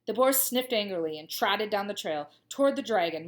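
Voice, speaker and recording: A woman, a teacher, reading a children's storybook aloud with expressive voices and gushing asides. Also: mid-range voice, a little fast.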